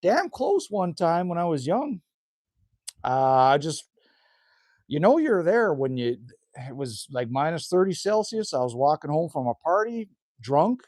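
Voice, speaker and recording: A middle-aged Canadian man with a folksy, chatty delivery, tacking on "hey?" and "man" as he talks with his live chat. His voice sits a bit high and swings widely in pitch, a little hoarse, and the sound is close and dry with no room echo. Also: sing-song, a little slow, a little mellow. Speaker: livestream host reading chat. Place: rural cabin indoors.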